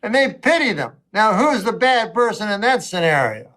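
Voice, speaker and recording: A man doing a rambling, wry stand-up routine, swinging between low mutters and a raised voice. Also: big pitch swings, normal speed, pushed and bright. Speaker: stand-up comedian.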